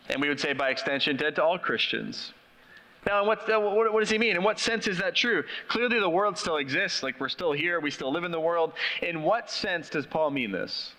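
A man's voice: high-pitched, sharp tone. A middle-aged man preaching a sermon as pastor, conversational and questioning his congregation. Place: church. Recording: long reverb of a church hall.

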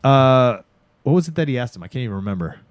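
A man's voice: medium pitch, racing, no echo. Man, casual chat, acts out lines, swears, dry, no room. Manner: animated, acts out characters' lines, swears freely. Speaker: podcast host recapping a show.

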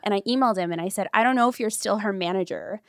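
A young woman hosting a podcast, telling stories in an animated, gushing way during a casual interview. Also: mid-range voice, very fast, clear, resonant tone, no echo, studio quality. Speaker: podcast host.

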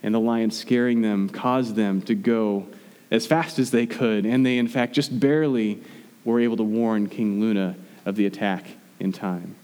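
A man's voice: fairly low pitch, steady tone, normal speed, darkish tone. A man in his thirties preaching a sermon in a conversational way, often restarting his sentences. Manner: conversational, with frequent restarts and fillers. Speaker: pastor. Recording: long hall reverb.

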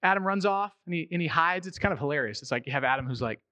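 A man's voice: fairly high pitch, expressive, very fast, sharp tone, dry recording. A man in his thirties or forties preaching a sermon in a conversational way, acting out the quotes he tells. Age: 30s to 40s. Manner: conversational, acts out quotes in voices. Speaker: pastor.

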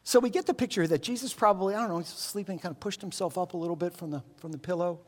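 A man preaching a sermon, voice pitched a little high, spinning stories with playful jokes. The sound rings out with a long reverb, as in a big hall. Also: quick pace. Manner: lively storytelling with jokey asides. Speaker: pastor.

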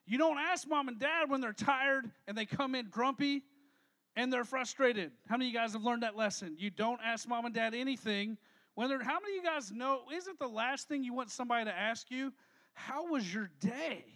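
A man preaching a casual sermon to a live audience, energetic and joking, asking the crowd questions as he goes. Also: extremely high pitch, brisk. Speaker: pastor. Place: church hall with a live audience.

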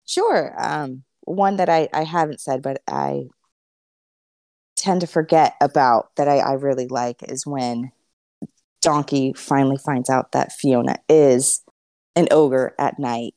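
A woman with a very low, mellow voice chats about a favorite movie on a podcast. She is chatty and easygoing, and the sound is dry and close. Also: fairly even intonation, a little slow, no room sound. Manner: chatty, uses many fillers. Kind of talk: casual movie discussion.

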